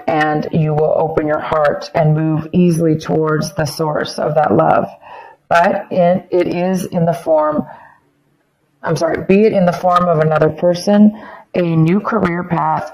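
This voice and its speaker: A woman with a slightly low voice talks through a tarot reading, circling back over her phrases with plenty of ums. She is losing her voice as she goes. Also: a little mellow, low-quality recording. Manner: rambling, repeats phrases, many ums. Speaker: tarot reader. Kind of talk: casual tarot reading to camera.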